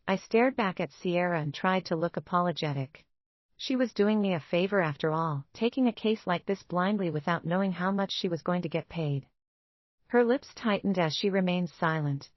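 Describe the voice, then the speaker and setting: A woman narrating a dramatic romance story in the first person, steady and even. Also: on the low side, no echo, highs cut off.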